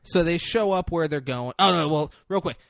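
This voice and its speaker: A male podcast co-host in casual chat, retelling movie scenes with quick acted-out quotes and frequent laughs. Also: on the high side, creaky, fairly bright tone, no room sound, studio quality.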